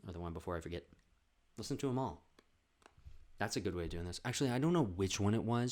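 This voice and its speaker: Animated Canadian man telling a story. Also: quick pace, pauses often. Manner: animated, swearing, acts out voices with big pitch jumps. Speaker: podcast host. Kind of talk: comedic storytelling.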